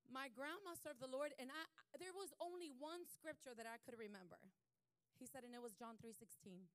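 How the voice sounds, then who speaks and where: A woman's voice: high-pitched, expressive, normal speed, no echo. A woman pastor telling a testimony in a sermon, repeating lines and rising into fervent praise.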